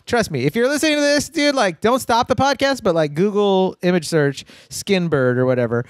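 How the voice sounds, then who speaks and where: A man in his thirties co-hosting a casual podcast, excitable and profane, slipping into quick impressions. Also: sits high, no room sound, clean studio sound. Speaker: podcast co-host.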